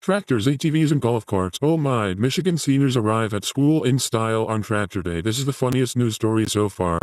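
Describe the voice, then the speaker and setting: A man hosting a comedy show, reacting to news and clips with deadpan, profane sarcasm. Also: mid-range voice, brisk, dry recording, poor audio. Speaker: show host.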